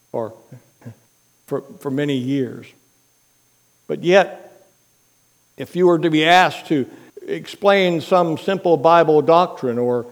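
A man preaching a sermon as pastor, telling a story in an unhurried, earnest way. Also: a little high.

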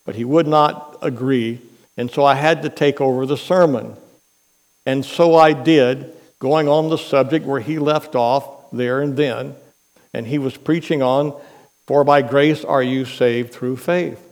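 A man preaching a sermon as pastor, telling a story in an unhurried, earnest way. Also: medium pitch, steady tone, a little mellow.

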